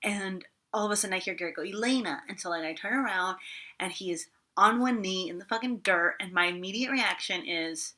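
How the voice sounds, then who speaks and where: A woman's voice: mid-range voice, a little fast, pushed and bright. A woman in her twenties telling a story in a casual vlog, chatty and full of fillers and swearing. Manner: chatty, swears a lot, many "like" fillers, laughs often. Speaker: vlogger.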